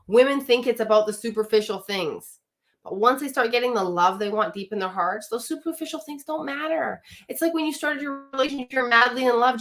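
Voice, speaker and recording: Woman coach, mid-pitched, direct and emphatic, live talk to women, throws questions at the audience. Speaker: marriage coach.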